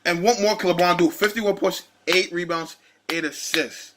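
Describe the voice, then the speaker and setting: High, fired-up man ranting about basketball. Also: normal speed. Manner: heated, ranting, animated. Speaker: sports vlogger. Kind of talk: casual sports rant.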